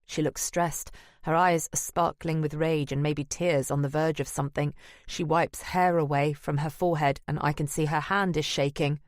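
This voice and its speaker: A woman's voice: low voice, fairly even intonation, normal speed, dry recording. A woman narrating a first-person audiobook in a wry, dry manner. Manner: wry and dry, present-tense telling.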